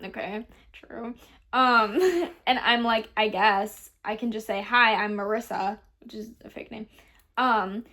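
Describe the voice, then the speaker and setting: A young woman co-hosting a laid-back confessions chat, reading each one aloud and giggling as she goes. Her voice sits somewhat high. She swears freely and keeps things animated. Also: takes it slowly. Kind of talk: casual chat.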